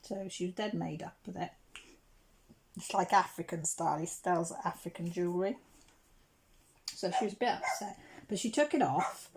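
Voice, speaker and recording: A middle-aged English woman telling a rambling home story while crafting, clearing her throat now and then. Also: on the low side, background noise. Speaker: crafting channel host.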